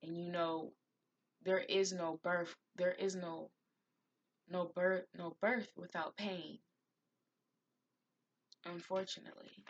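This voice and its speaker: A woman reads tarot cards with slow, deliberate phrasing and a slightly low voice. She speaks earnestly and encouragingly, drifting into emotion. A faint hiss sits under the recording. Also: fairly even intonation, highs cut off. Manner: slow, heartfelt, encouraging, spiritual; gets emotional. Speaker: tarot reader. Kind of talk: spiritual tarot reading.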